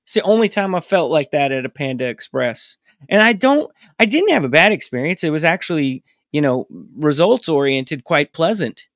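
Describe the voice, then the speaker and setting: A man co-hosting a casual podcast, telling stories with animated, self-mocking energy. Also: on the high side, moderate pace, no room sound, clean studio sound. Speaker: podcast co-host. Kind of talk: casual chat.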